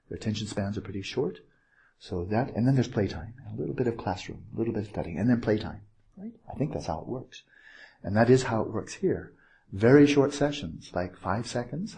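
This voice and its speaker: A meditation teacher gives a dharma talk on a retreat in a lowish voice, gentle and playful, with unhurried pauses and small asides.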